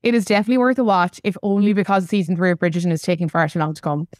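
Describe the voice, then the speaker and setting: A woman's voice: fairly low pitch, fairly even intonation, racing, dry recording, studio quality. A young woman hosting a casual pop culture podcast, chatty and gushing, swearing freely with big reactions. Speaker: podcast host.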